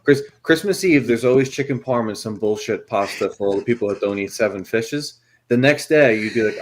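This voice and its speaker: A man's voice: medium pitch, brisk, slight background noise. A man with an ordinary, mid-range voice who co-hosts a loose chat. He tells stories bluntly, swears freely and laughs along. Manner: storytelling, profane, laughing. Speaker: co-host. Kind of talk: casual food chat on a show.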